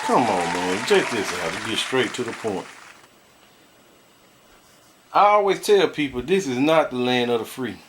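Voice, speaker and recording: A man's voice: medium pitch, very animated, measured pace, pauses often, a crowd in the background, noisy background. A married man vlogging, ranting bluntly to his viewers and laughing often as he complains. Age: adult, married. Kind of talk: casual ranting commentary.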